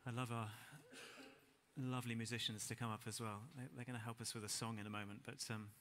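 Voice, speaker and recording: Male preacher, bright, forceful tone, casual and self-deprecating, swings between emphatic and hushed delivery. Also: mid-range voice, little pitch movement, quick pace, slight background noise. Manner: conversational, self-deprecating, builds to emphatic peaks then drops quiet. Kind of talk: sermon. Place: church hall with congregation.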